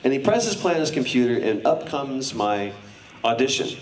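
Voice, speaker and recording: A man's voice: mid-range voice, very animated, moderate pace. A middle-aged man speaking as a guest on a convention panel, telling a story to a live audience with lots of animation and acting out other people's lines in raised voices. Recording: roomy hall sound, mic at a distance.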